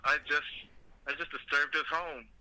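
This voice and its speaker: On a rough recording, the podcast host's voice sits on the high side, steady, bright and forceful at a normal speed. He keeps the comedic chat casual, rambling and joking through profane stories.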